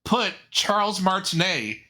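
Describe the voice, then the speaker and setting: A man's voice: sits high, big pitch swings, measured pace, bright, forceful tone. A man co-hosting a podcast in casual chat, telling jokey meandering stories with many restarts. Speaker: podcast co-host.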